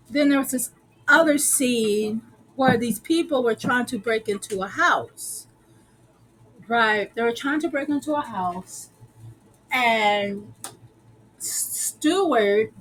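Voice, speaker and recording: A woman's voice: on the high side, a bit bright, low-quality recording. A woman casually recapping a show episode, chatty and slangy with lots of fillers.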